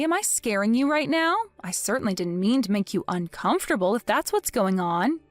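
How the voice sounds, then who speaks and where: A woman's voice: a little high, no room sound, natural voice. A woman voicing a vengeful young wife in a dramatized story, cold and taunting with mock innocence.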